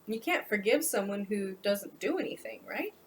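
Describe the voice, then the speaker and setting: A woman's voice: medium pitch, lively intonation, normal speed, a little hiss or hum, close to an everyday voice. A woman reading a weary, sarcastic homeless man. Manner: dry, sarcastic muttering. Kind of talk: audiobook narration.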